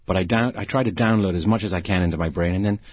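A man, an actor, telling lively anecdotes as a guest in an interview. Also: deep voice, rapid-fire, breathy edge, dry recording, muffled recording. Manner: animated anecdotes, acting out quoted voices, frequent laughs. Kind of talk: storytelling in a conversational interview.

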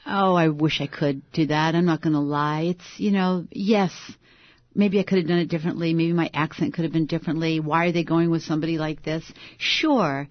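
A woman in her sixties, an actress interviewed as a guest, talking in a lively, self-deprecating way with frequent laughs. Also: deep voice, a little fast, dry recording, muffled recording. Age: 60s. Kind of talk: interview conversation.

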